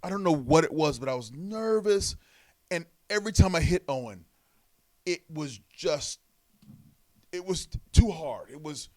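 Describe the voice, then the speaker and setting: Animated man telling wrestling stories. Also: a little high, measured pace, long pauses. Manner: animated storyteller, acts out quotes. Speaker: guest, former wrestler. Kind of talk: storytelling interview.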